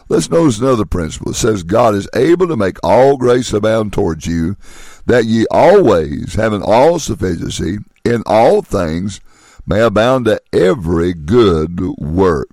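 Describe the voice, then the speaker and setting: A man's voice: fairly low pitch, very animated, unhurried, a little mellow, no echo, clean studio sound. A man preaching a sermon on missionary giving, stressing his points with repeated phrases and rhetorical questions.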